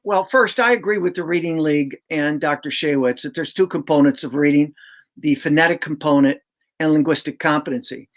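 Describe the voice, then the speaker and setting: A man's voice: fairly high pitch, brisk. An older man, a reading coach, explaining his teaching method in an emphatic, conversational way, sounding out syllables aloud as he goes.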